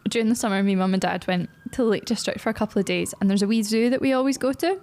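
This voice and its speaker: Young woman, podcast co-host, dry and quick anecdotes. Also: medium pitch, a little mellow. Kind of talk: casual chat.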